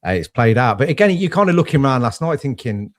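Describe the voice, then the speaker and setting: A man co-hosting a casual football podcast, excitable and matey, calling people "mate". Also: mid-range voice, fast talker, dry recording, studio quality. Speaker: podcast co-host.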